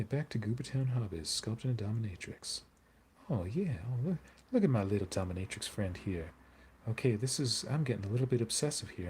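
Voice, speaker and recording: A man doing a parody impression of a calm, soft-spoken male hobby streamer with a slow, soothing voice. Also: on the low side, a little hiss or hum, close to an everyday voice. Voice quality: slow, soothing, mock-dulcet.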